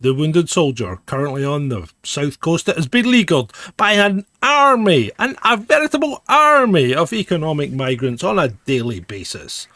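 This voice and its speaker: A man co-hosting a casual podcast, telling stories with animated impressions of friends. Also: a little high, normal speed, few pauses, no room sound. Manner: animated storyteller, mimics a friend's voice. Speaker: co-host.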